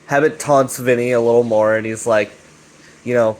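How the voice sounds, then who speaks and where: A man's voice: mid-range voice, steady tone, moderate pace, poor audio. A man recapping a web series in a casual rambling way, swearing often and leaning on fillers like "you know" and "right". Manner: profane, filler-heavy, chummy.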